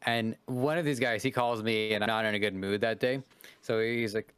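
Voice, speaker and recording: A man hosting a podcast, telling stories in a casual, deadpan way and acting out the people in them. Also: on the low side, moderate pace, smooth, no echo. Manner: deadpan storyteller, acts out phone calls. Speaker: podcast host.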